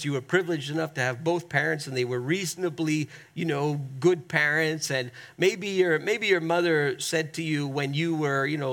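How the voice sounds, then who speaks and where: A man's voice: a little high, a bit bright. A man preaching a sermon, stretching key words and asking the congregation to repeat after him. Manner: emphatic, drawn-out stresses, asks the congregation to repeat. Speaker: pastor.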